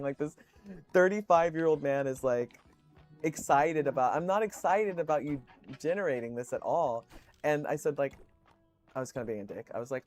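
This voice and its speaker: A man's voice: a little high, normal speed, darkish tone, faint music behind. A man streaming, chatting casually with viewers, telling rambling stories full of swearing and fillers.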